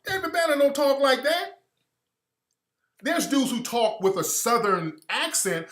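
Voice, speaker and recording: A man's voice: very high-pitched, unhurried, fairly bright tone, echoey room. A man from Alabama giving an emphatic, opinionated monologue as a commentator, hammering his points home with repetition. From Alabama, US South.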